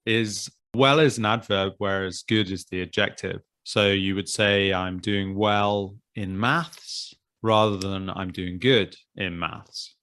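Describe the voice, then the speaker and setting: A man hosting a podcast, patiently explaining grammar in a relaxed conversational way, often thinking aloud. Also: on the low side, slow, hardly any pauses. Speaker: English teacher and podcast host.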